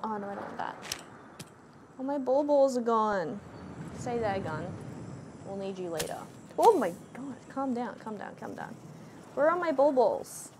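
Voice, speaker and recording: A woman gives casual, jumpy let's-play commentary and talks to herself as she plays a VR game. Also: mid-range voice. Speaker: VR gamer. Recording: noisy, game sounds mixed in.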